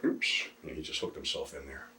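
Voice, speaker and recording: A man's voice: rumbling low, little pitch movement, a little fast, sharp tone, slight background noise. A man chatting offhand in an interview, dropping a dry joke now and then. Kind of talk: casual interview chat.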